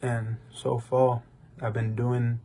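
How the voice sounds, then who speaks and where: A man's voice: mid-range voice, flat delivery, takes it slowly, dark tone, soft background music. Young man telling a rambling testimony. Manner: rambling storytelling with restarts. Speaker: podcast co-host. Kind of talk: personal testimony, casual chat.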